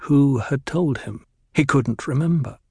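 A man with a slightly rough, mid-range voice reads an audiobook, narrating in a measured, even manner. The recording is studio quality with no room sound.

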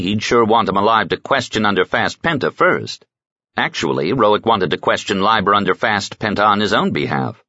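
A man narrating an audiobook in a dry, measured storytelling manner. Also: low voice, sharp tone, husky, no room sound, lo-fi sound. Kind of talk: scripted narration.

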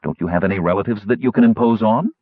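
A man's voice: on the low side, fast talker, no echo, lightly acted. A man voicing a bold young woman who teases her friends with gleeful mockery. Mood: teasing. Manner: mocking, gleeful teasing. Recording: tinny phone-like audiobook recording.

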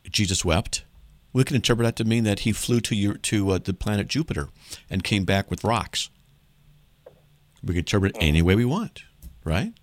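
This call-in radio host talks apologetics with animated emphasis, staging mock dialogues to drive his argument home. His voice is on the low side, with no room sound.

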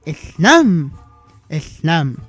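A man's voice: sits high, huge pitch swings, unhurried, mellow, husky, no echo, faint music behind, pitched above the performer's own voice, exaggerated voice. A man voicing a clumsy male amphibian alien who mumbles in a slurred, startled way. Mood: panicked.

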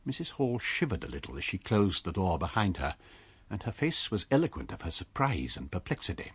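An audiobook reader with a low, slightly husky voice tells a classic tale at a measured pace, lightly voicing the characters. His pitch rises and falls expressively, and the dry, close sound resembles a studio radio reading.

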